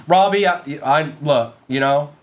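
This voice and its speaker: Chatty man hosting a card break. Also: a little high. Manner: chatty, calls out cards while rambling; joking, playful asides to chat. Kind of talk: live stream card-break chat.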